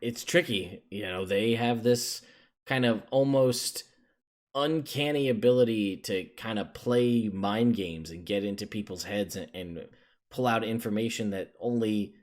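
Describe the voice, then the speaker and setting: A man's voice: on the low side, unhurried, a little mellow, natural voice. A man voicing a weary, rambling monster hunter. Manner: rambling, unsure, trails off.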